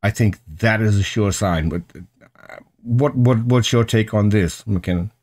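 A man's voice: lowish voice, a little slow, a little mellow. A man hosting a casual online panel discussion, earnest and searching for words as he goes, often restarting his sentences. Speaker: host.

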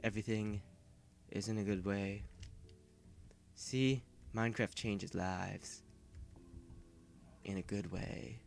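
A man giving casual, rambling gameplay commentary who yells and panics when startled. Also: fairly low pitch, fairly even intonation, slow pace, creaky, pauses often, faint music behind. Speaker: gaming video host.

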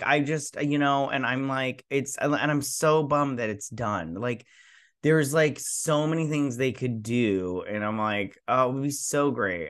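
Rambling young man recapping a show. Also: mid-range voice. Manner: rambling, filler-heavy, animated retelling. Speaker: YouTube show host. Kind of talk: casual episode recap and review.

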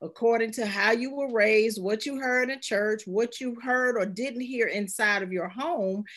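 A woman doctor as a guest in casual conversation, explaining in a measured way. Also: a little high, a bit bright.

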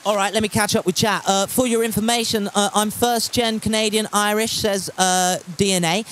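A man's voice: high voice, fairly even intonation, normal speed, a bit bright, slight background noise. A man chatting casually while streaming a game from home, reading chat aloud and swearing freely.

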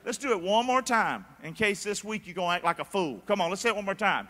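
High, bright-voiced preacher in a big hall. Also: male voice, fast talker. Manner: energetic, calls for crowd response; mocking voices for foolish people. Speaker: pastor. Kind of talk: sermon. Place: large church hall. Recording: long reverb of a big church hall.

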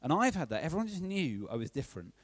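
Animated preacher, lively pitch. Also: male voice, quick pace, no room sound. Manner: chatty and playful, keeps checking in with the audience. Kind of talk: sermon.

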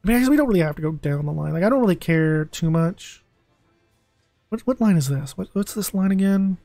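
A young man streaming a video game, talking casually and excitably, pleading with the game and groaning dramatically over a loss. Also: high-pitched, a little fast, creaky, no room sound, faint music behind. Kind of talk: casual live-stream commentary.

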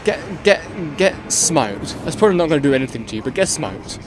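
A man's voice: fairly high pitch, very animated, brisk, heavy background noise. A man hosting a gaming channel, giving let's play commentary in a frantic, swearing way and muttering to himself as he plays.

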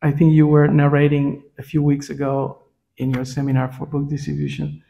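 A man's voice: on the high side, completely flat delivery, normal speed, creaky, dark tone, dull audio. A man teaching a scripture class in a temple, in a conversational way that keeps checking in with his listeners. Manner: frequent "right?" check-ins with listeners.

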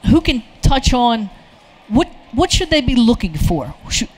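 A woman's voice: fairly high pitch, very animated, measured pace, darkish tone, low-quality recording. A woman moderating an expo panel, encouraging and loose, with many fillers.

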